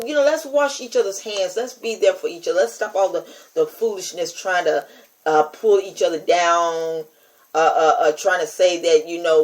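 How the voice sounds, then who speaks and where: A woman's voice: lowish voice, a little mellow, poor audio. An older woman hosting her own podcast, talking straight to listeners in an emphatic, repetitive, testifying way. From United States. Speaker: podcast host and preacher. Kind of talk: casual spoken monologue to listeners.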